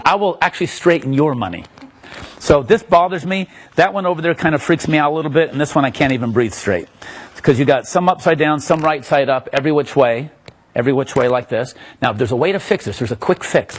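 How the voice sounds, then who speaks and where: A man teaching magic to a live audience in a room, answering questions in a joking, animated, self-mocking way. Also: a little high, fairly quick, slightly rough.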